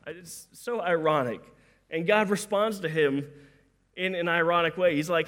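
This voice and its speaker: A man preaching a sermon in a conversational, animated way, acting out the quotes and often repeating words as he starts. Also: high-pitched, unhurried.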